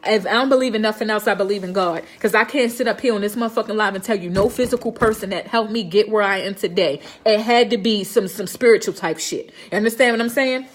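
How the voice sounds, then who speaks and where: A woman speaks to her live-stream audience in a blunt, motivational way. She is emphatic and profane and keeps checking that her listeners understand her. Her voice sits at a middle pitch. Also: fast talker, few pauses. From Baltimore, Maryland. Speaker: live streamer and home health nurse.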